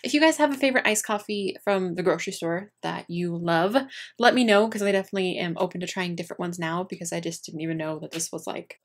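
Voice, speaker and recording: A woman's voice: fairly low pitch, a bit bright. A young woman beauty vlogger chatting casually to her viewers, gushing and rambling with many fillers and restarts. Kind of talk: casual chat to camera.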